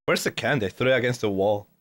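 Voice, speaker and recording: A man's voice: mid-range voice, fast, fairly bright tone. A man streaming a game and chatting with his viewers in a hyper, swearing, mock-ranting way, laughing often. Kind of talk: casual live-stream chat.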